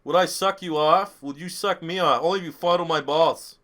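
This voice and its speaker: Bright-voiced crude man streaming. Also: a little high, a little fast. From Canada. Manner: crude, profane, blunt. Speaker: gaming streamer. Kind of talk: live gameplay commentary reading chat.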